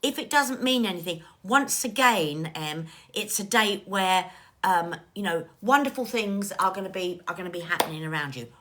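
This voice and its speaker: A woman reads cards as a psychic medium on a livestream, chatting warmly and calling viewers darling. Her voice is bright and forward, and it swoops up and down through a wide pitch range. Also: lively intonation, moderate pace. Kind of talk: live-stream card reading.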